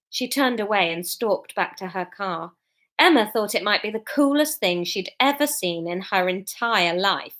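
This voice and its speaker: A woman's voice: medium pitch, expressive, moderate pace, a bit bright. A woman reading her serialized story aloud, chatty and prone to jokey, sweary asides. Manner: chatty, swears, breaks off to laugh and joke.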